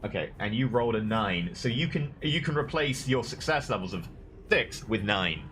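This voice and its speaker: A man's voice: lowish voice, lively intonation, normal speed, fairly bright tone, slight background noise. A man playing a tabletop role-playing game, patiently explaining rules and reading them out in casual chat. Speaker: player.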